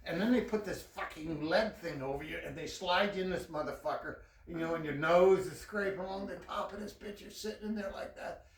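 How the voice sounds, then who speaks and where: A man's voice: high voice, a little fast, roomy sound, distant mic. A man telling a long personal story in casual, profane talk, laughing as he goes.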